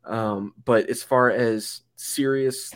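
A man's voice: medium pitch, steady tone, slow pace. A young man co-hosting a football podcast, chatting casually and rambling with many fillers and restarts. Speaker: podcast co-host. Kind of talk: casual sports chat.

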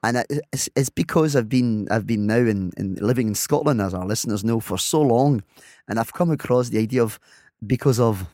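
A man's voice: mid-range voice, brisk, a little mellow, dry recording, studio quality. Playful man teaching. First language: French. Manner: playful, repeats words when restarting. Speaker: co-presenter, native-speaker teacher. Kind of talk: casual teaching chat.

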